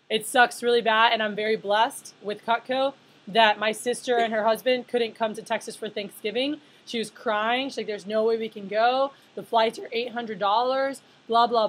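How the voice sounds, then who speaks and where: Husky, slightly high woman's voice; thirties; casual workshop presenter, lots of "like" and "you know". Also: fairly bright tone, poor audio. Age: 30s. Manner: chatty, filler-heavy, asks the room questions. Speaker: leadership speaker. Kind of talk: conference talk to a live audience.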